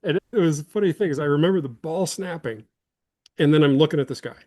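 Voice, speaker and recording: A man's voice: a little high, fast talker, darkish tone, no echo. A man in his fifties from Illinois, a former football lineman telling rambling, self-deprecating stories as an interview guest. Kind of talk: casual interview storytelling.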